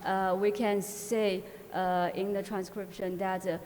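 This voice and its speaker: Woman, conference presenter, mid-pitched, halting delivery full of fillers, long hall reverb. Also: little pitch movement, darkish tone. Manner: halting, frequent filler pauses and restarts. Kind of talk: academic conference talk.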